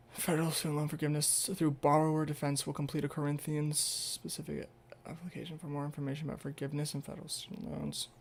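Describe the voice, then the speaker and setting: A young man talking on a casual livestream, stumbling through an article he reads aloud and breaking off into sarcastic, swearing asides. His voice sits a bit higher than most men's, and his talk is loose and rambling. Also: completely flat delivery, a little fast, vocal fry, slight background noise. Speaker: streamer.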